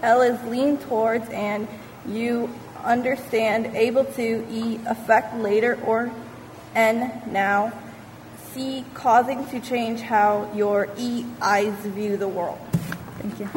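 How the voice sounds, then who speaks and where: Woman, slightly high, very slow recitation, echoing hall. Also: fairly even intonation, a little mellow, slight background noise. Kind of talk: reciting a prepared acronym speech. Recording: reverberant hall with faint ambience.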